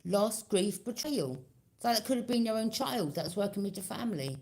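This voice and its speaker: A woman's voice: mid-range voice, animated, moderate pace, vocal fry, darkish tone. A woman giving a tarot reading to her viewers, talking in a loose, conversational way, often checking in with "okay?" and acting out quoted reactions in her own voice. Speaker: tarot reader.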